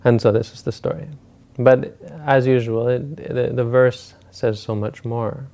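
A man, a Buddhist teacher, retelling a teaching story in a relaxed, conversational dharma talk. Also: mid-range voice, a little slow, creaky.

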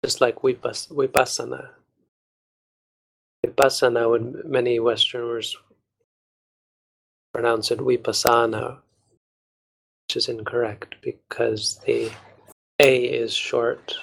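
A man, a Buddhist monk, patiently explaining a text to a study group in a measured way with small restarts. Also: medium pitch, flat delivery, creaky, a bit bright, low-quality recording.

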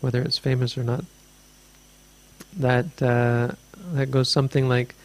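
A man's voice: medium pitch, flat delivery, a little slow. A man teaching as a Buddhist teacher, answering a question in a dharma talk with meandering, thoughtful storytelling.

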